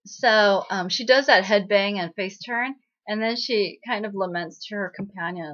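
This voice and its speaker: A woman's voice: mid-range voice, normal speed, hardly any pauses, a bit bright, lo-fi sound. Chatty woman recapping a drama. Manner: chatty, lots of fillers, acts out quoted lines. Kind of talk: casual spoken recap.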